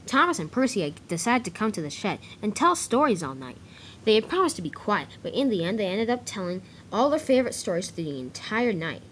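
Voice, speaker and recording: A woman's voice: lowish voice, a little hiss or hum. A woman casually narrating a homemade toy train story, with small slips and restarts.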